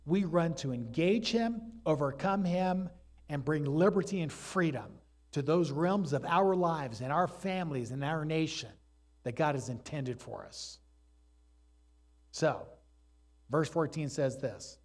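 A man delivering a sermon with real animation, his voice set a little high for a man. He tells stories with lots of energy and leans into them. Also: unhurried. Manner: animated storytelling preacher, acts out voices in stories. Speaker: pastor.

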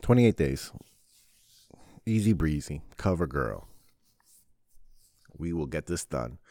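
A man's voice: rumbling low, lively intonation, slow pace, dark tone, no room sound, studio quality. A man hosting his own podcast, talking in a profane, rambling, sarcastic solo monologue. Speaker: podcast host.

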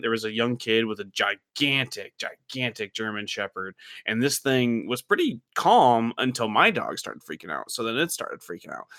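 A man's voice: fairly low pitch, bright, forceful tone, no echo, clean studio sound. A man, a father, chatting casually and telling a long personal story, candid and swearing freely. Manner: candid, profane, rambling storytelling. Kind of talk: casual chat.

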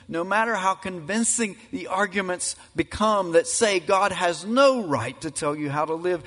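A man preaching a sermon as pastor, emphatic and building to loud climaxes. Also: high voice, normal speed, few pauses. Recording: reverberant hall.

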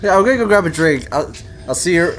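A man's voice: high-pitched, lively intonation, fast, a bit bright, soft background music, pitched above the performer's own voice. A man playing a cocky flirtatious adventurer. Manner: boastful and joking.

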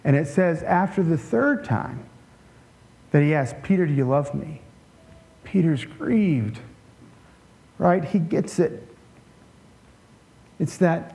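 A man preaching a conversational sermon in a relaxed way, with joking asides and frequent restarts. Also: a little high, takes it slowly, vocal fry, pauses often. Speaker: pastor.

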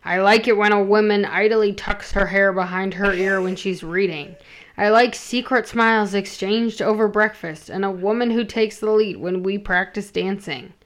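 A woman voicing a young woman disguised as a sailor lad, pushing her voice lower and speaking earnestly. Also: steady tone, normal speed, close to an everyday voice.

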